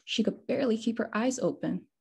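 A woman author reading her picture book aloud at a bookshop storytime, expressive and unhurried. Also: fairly high pitch, gravelly, slightly rough. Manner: slow, expressive storytime reading with sound words. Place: bookshop event space.

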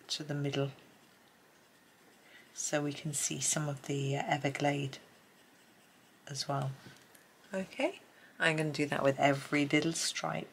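A middle-aged British woman chatting casually while she colours, soft-spoken and rambling, often dropping to a murmur. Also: low voice, slight background noise. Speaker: colouring channel host.

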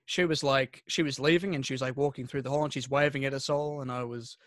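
A man's voice: mid-range voice, fairly even intonation, fast talker, no echo. Rambling man, dry sound. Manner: rambling storyteller with fillers. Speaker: podcast co-host. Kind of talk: casual chat.

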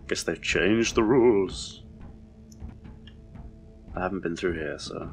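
A man commenting on his own gameplay in a deep, gravelly voice, speaking slowly. He rambles, questions what he sees and swears freely. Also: faint music behind. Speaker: let's play host.

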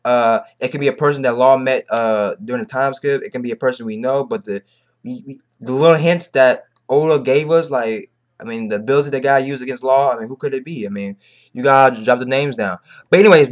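A young man giving a casual, slang-heavy chapter recap, excitable and repetitive. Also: mid-range voice. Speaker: manga reviewer.

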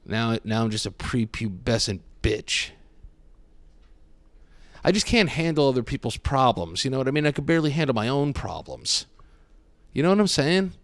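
A man's voice: medium pitch, big pitch swings, normal speed, long pauses, no room sound. A young man hosting a comedy podcast, ranting in a self-deprecating, mock-wounded way with plenty of swearing. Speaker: podcast host.

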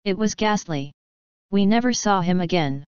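A woman's voice: mid-range voice, animated, normal speed, darkish tone, clean tone, no room sound, close to an everyday voice. Mournful, dignified Miss Spider, read by a woman. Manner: mournful and sighing. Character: melancholy, dignified female spider. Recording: slightly dull, dry recording.

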